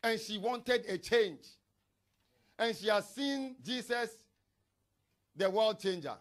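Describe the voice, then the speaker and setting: A man's voice: sits high, lively intonation, slow, a bit bright. A man preaching a sermon in church as pastor, reading scripture aloud and breaking into tongues.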